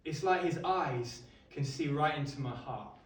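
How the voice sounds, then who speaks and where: Man acting Roman centurion, gruff soldier storyteller, live monologue, echoey hall, distant mic. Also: a little high, measured pace, close to an everyday voice. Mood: wry. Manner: conversational, wry storytelling with asides to listeners. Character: hardened Roman centurion, middle-aged man, gruff but shaken. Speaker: costumed actor at an exhibition. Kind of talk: first-person dramatic monologue to a live audience. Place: indoor exhibition hall.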